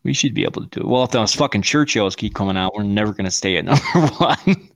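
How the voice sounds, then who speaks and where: A man's voice: on the low side, fast talker, vocal fry, no echo. A married man co-hosting a podcast, chatting casually with heavy swearing and frequent laughter. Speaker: podcast co-host. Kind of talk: casual profane chat.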